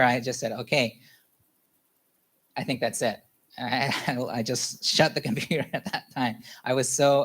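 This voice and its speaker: A male pastor telling a personal story in his sermon, candid, full of fillers and quick laughs. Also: medium pitch, a bit bright.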